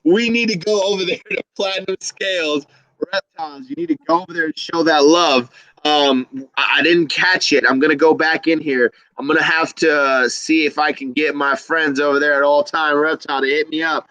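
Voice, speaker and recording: Upbeat male stream host, slightly high voice, dry close sound, chatty. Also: steady tone, a little fast, sharp tone, dry recording, low-quality recording. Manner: upbeat, enthusiastic, reads chat aloud. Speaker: livestream host. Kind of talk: casual livestream chat.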